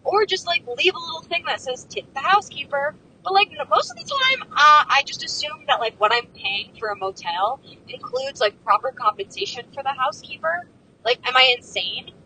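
While driving, a young woman vlogger tells a story in a high-pitched, bright, forceful voice that's very animated and at normal speed. She rambles in exasperation, with lots of fillers and swearing. The poor audio carries faint engine, road, and vehicle noise from the moving car.

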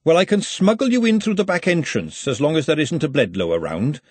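Brief: man playing a sharp, bossy woman cook, raised voice, slightly husky. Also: on the high side, very animated, a little fast, no room sound, voice pushed up. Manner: snappish, bossy, motherly. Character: brisk no-nonsense woman, head cook.

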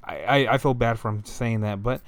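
Rambling slangy man, smooth dry voice. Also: mid-range voice, normal speed, dry recording. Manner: rambling, loose and slangy with many fillers. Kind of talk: casual storytelling monologue.

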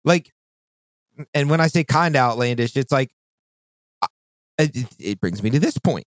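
A man co-hosting a podcast in casual chat, animated and profane, often jumping into mock voices. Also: normal speed, dry recording. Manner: animated, swearing, mimics voices with big pitch jumps. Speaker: podcast co-host.

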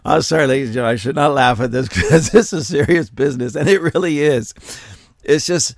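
A man's voice: medium pitch, a little fast, creaky, no echo, studio quality. A man hosting a commentary show, reading a news story aloud and repeatedly breaking into laughter. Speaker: commentary channel host.

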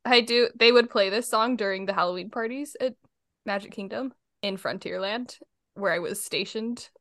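A woman's voice: medium pitch, normal speed, a bit bright, no room sound, clean studio sound. Chatty young woman, laughs often. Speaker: podcast co-host. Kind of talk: casual chat.

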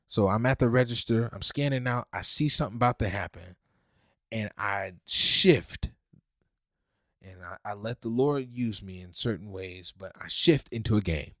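Male podcast preacher, fervent, loud peaks to soft pleas, dry close sound. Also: lowish voice, moderate pace, no room sound. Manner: fervent, swings from loud preaching to hushed pleading. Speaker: podcast host.

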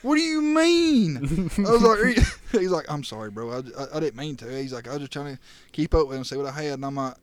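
A man's voice: medium pitch, fast talker. A young man telling wild stories on a casual podcast, laughing and acting out what people said. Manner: rowdy, laughing storyteller who acts out quotes. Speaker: podcast co-host. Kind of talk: casual storytelling chat.

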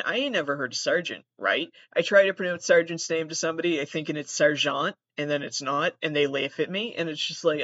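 A man hosting a podcast in a rambling, profane, self-deprecating monologue, with a gravelly, monotone voice. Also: on the high side, no echo. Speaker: podcast host. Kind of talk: casual monologue. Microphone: laptop recording. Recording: dull, dry lo-fi sound.

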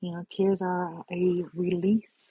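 A woman's voice: lowish voice, little pitch movement, slow pace, breathy edge, no room sound. A woman giving an earnest, spiritual personal monologue, often checking in with "right?" and "you know". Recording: dull lo-fi sound.

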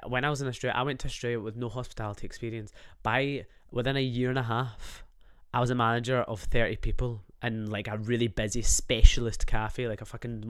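A man's voice: mid-range voice, clear, resonant tone. A man delivering a profane, rambling, jokey rant to his stream audience. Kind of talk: comedic rant.

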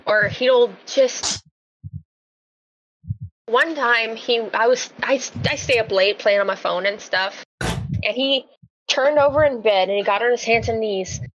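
A woman's voice: on the high side, measured pace, long pauses, a bit bright, lo-fi sound, slight background noise. A woman chatting bluntly in casual podcast banter, with plenty of swearing.

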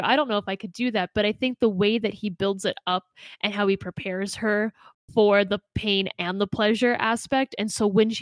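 A woman's voice: medium pitch, no room sound. Woman cohost gushing about a book, swears a lot, dead dry close sound. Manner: gushing, candid, swears freely. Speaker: podcast co-host. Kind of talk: casual book-club chat.

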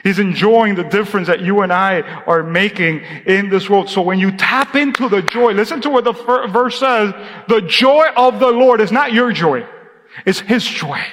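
A man preaching to his church in a high, bright voice. He calls out to the congregation and then drops to a near-hush for emphasis. His voice rings with the long reverb of a church hall. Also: normal speed. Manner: preaching with call-and-response, drops to a hushed tone for emphasis. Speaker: pastor. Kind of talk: sermon. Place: church sanctuary.

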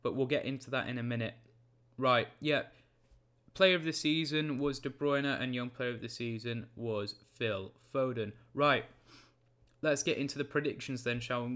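A young man, hosting a casual solo football podcast in a rambling, jokey way with quick self-corrections. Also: mid-range voice, a bit bright.

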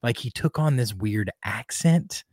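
A man's voice: mid-range voice, measured pace, dry recording, clean studio sound. A man co-hosting a podcast, chatting casually and rambling with lots of fillers. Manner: animated, rambling, many fillers. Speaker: podcast co-host. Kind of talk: casual chat.

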